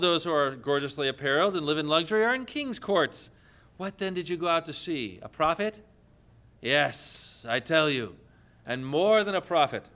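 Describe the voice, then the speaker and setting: Male pastor, high bright voice, lively sermon delivery that quizzes the congregation. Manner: lively, asks the congregation questions.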